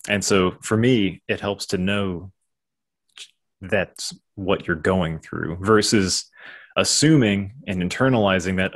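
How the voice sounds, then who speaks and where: A man appearing as a podcast guest, speaking calmly and explaining his thoughts carefully. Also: low voice, takes it slowly. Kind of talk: casual conversation.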